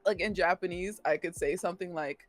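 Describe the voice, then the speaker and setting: A woman from the United States, a guest on a casual live-stream chat, talking in an animated way, acting out quotes and laughing often. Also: lowish voice, fairly quick, soft background music.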